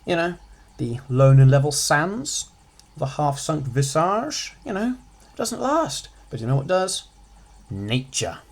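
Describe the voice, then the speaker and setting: A man giving a casual revision lesson on a poem, explaining it in a jokey way with quick sarcastic asides. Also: fairly high pitch, very animated. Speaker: revision tutor.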